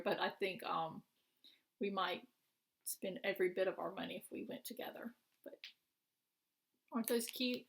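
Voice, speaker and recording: A woman's voice: fairly high pitch, moderate pace, sharp tone. A middle-aged woman chatting casually as a craft vlogger, showing off her purchases in a rambling, friendly way with many fillers and restarts. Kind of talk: casual show-and-tell chat.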